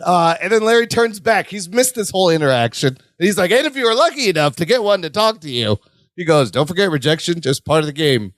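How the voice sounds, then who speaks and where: A man's voice: sits high, lively intonation, quick pace, fairly bright tone, dry recording, clean studio sound. A man co-hosting a podcast, chatting casually and animatedly as he recaps a sitcom episode, laughing often. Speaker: podcast co-host.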